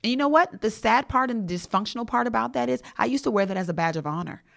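A woman's voice: fairly high pitch, expressive, fast talker, creaky. A woman hosting a motivational leadership podcast. She speaks emphatically, repeats her points and fires off rhetorical questions. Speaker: podcast host and leadership coach.

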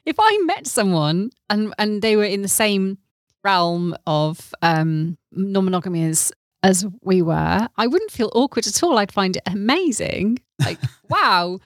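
A woman's voice: mid-range voice, animated, a little slow, no room sound, studio quality. A British woman co-hosting a podcast, chatty and given to laughing. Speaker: podcast co-host. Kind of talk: casual chat.

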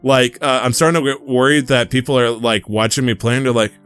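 A man's voice: mid-range voice, fairly even intonation, fairly quick, fairly bright tone, smooth, faint music behind. A young man hosting a podcast, telling a rambling story in casual chat and swearing freely. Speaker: podcast host.

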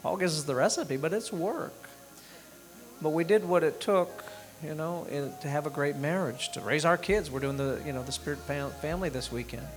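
Middle-aged guy preaching at a dinner, kinda high voice, rambly and teary, lots of restarts. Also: moderate pace, soft background music. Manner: rambling and conversational, with frequent restarts; emotional, tearing up. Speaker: minister leading prayer. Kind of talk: informal sermon and prayer at a dinner. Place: dinner event room.

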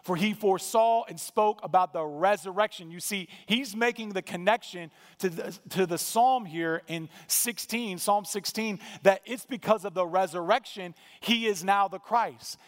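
A male pastor preaches in a conversational, emphatic way, with a few dry asides. His voice sits fairly high for a man. A long church-hall reverb trails every phrase. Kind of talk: sermon.

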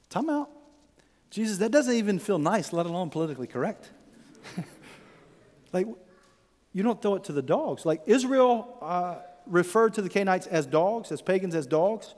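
A male pastor preaching a conversational, animated sermon who acts out the voices in the story. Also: on the high side, big-room sound.

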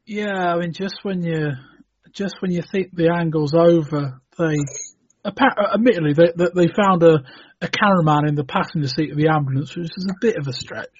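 A man hosting a casual podcast chat, talking in a relaxed, hesitant way with frequent restarts, on a dull lo-fi recording. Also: fairly high pitch, brisk, breathy edge, no echo. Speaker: podcast host. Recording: dull lo-fi dry sound.

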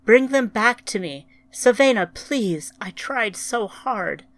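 A woman's voice: medium pitch, animated, slow pace, fairly bright tone, no echo. A woman voicing a grieving female android, her voice shaking as she pleads. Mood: pleading.

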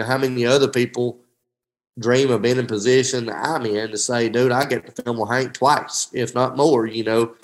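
A middle-aged man with a drawl tells fishing stories in a relaxed interview. He speaks in a folksy, heartfelt way, keeps saying "dude," and trails off and restarts his sentences as he goes. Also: medium pitch, poor audio. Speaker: professional angler, guest. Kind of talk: emotional casual interview.

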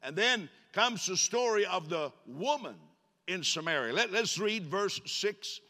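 A man preaching a sermon in a church, animated and joking with his congregation. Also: high voice, a little slow. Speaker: pastor. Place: church sanctuary. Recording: long church reverb.

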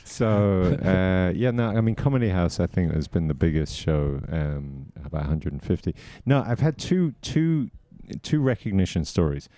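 A low-voiced man with a mellow tone and a lively pitch that swings widely while he talks. He is a comedian co-hosting a podcast and tells casual stories with a lot of swearing, recorded dry and close. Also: moderate pace, hardly any pauses, no room sound. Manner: swearing storyteller, animated when quoting people. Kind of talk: casual chat.

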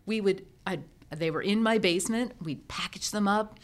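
At a moderate pace and in a mid-range voice, a middle-aged interview guest recounts how she went from professional organizer to entrepreneur. She tells it casually and with energy, performing the dialogue she recalls.

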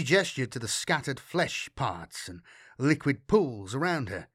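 A man narrating a dark sci-fi horror audiobook in a measured way, slowing for grim detail. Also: mid-range voice, big pitch swings, slightly rough, no echo, studio quality.

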